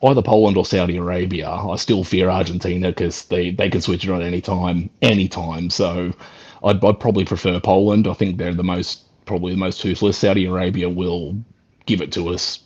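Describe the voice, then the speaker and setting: An Australian man calling in to a football stream, talking casually and excitedly and laughing easily. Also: deep voice, fairly quick, slightly rough. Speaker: caller. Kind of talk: casual chat. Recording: dull lo-fi call line.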